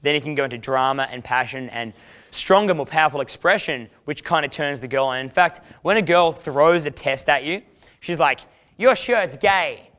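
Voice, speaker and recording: Casual dating coach, clear voice. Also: male voice, on the high side, brisk, a bit bright. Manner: casual, swearing, acts out quoted lines. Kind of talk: instructional talk.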